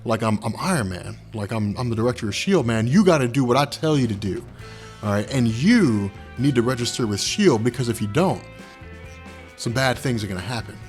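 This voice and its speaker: A man's voice: medium pitch, expressive, a little fast, voice pushed down, close to an everyday voice. A man casually voicing a pushy male agency director in armor, talking in slang, with faint music behind. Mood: bossy.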